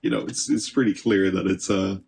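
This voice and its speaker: A man's voice: deep voice, fairly even intonation, a little fast, vocal fry, a little mellow, a little hiss or hum. A man streaming gameplay, chatting casually and talking back to the game, with an occasional swear. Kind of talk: live gameplay commentary.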